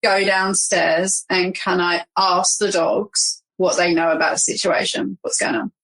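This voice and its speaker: A woman's voice: on the low side, little pitch movement, a little slow, fairly bright tone, rough recording. A woman playing in an improvised tabletop game, casual and playful, hesitating with frequent ums. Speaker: player.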